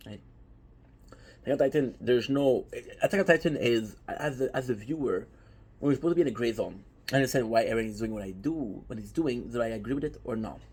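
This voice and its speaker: A man talking casually and with energy, his voice a little husky and grainy. He keeps stressing his points and asking rhetorical questions as he speaks straight to his audience. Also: medium pitch. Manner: animated, emphatic, with repeated rhetorical questions. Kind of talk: casual anime talk to viewers.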